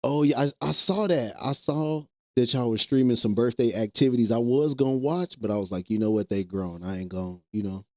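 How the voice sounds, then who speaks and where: A man's voice: mid-range voice, fairly quick, hardly any pauses, no room sound, muffled recording. A man streaming live, chatting casually with viewers in loose slang and laughing often.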